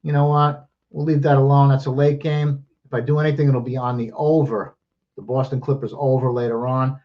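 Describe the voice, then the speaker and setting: A man runs through sports betting lines in fast, loose, profane chat, a little out of breath. His voice sits at an ordinary middle pitch. The recording is dull and lo-fi. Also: level tone. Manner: rapid-fire, profane, jokey. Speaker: sports betting show host. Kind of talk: casual betting picks chat.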